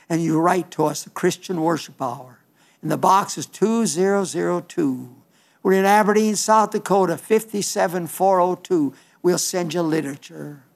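An older man preaching a sermon on the radio, earnest and pleading, slow and emphatic. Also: high-pitched, creaky.

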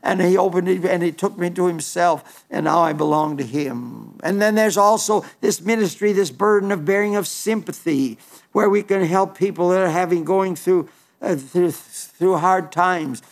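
A man preaching a sermon, earnest, with halting restarts and emphatic quoting of scripture. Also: sits high.

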